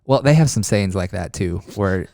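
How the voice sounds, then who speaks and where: Deep-voiced easygoing podcast host. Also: male voice, expressive, creaky, warm tone, no echo, clean studio sound. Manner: easygoing, quick to agree. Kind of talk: casual chat.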